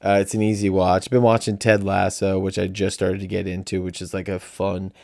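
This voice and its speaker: Low-voiced laid-back male podcast co-host. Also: completely flat delivery, a little fast, vocal fry, a little mellow, no room sound, clean studio sound. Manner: laid-back, swearing, mimics voices when retelling. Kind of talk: casual chat.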